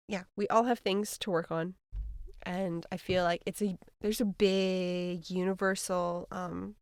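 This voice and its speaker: Soft-spoken earnest woman, dry close sound. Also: medium pitch, no room sound. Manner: rambling, earnest, often trailing into soft murmurs. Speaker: podcast host, energy healer. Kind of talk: casual spiritual podcast monologue.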